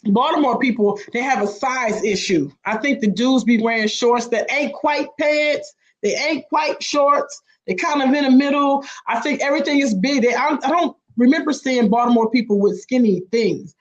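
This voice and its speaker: A woman's voice: high-pitched, normal speed, muffled recording. Woman cohost, blunt opinions, swears a lot, casual radio banter. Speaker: radio show co-host.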